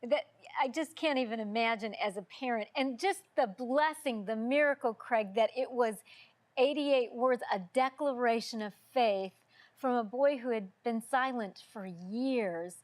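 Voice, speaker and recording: A woman hosts a TV talk show, her voice a touch higher than most. She answers her guest with affirming, encouraging remarks. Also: measured pace. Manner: warm affirming responses. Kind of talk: interview.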